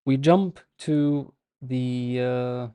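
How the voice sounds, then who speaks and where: A man's voice: medium pitch, fairly even intonation, dark tone, smooth, no echo. A man teaching a beginners' language lesson, patiently explaining and repeating each word several times with frequent fillers. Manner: patient, repeats words slowly with many fillers.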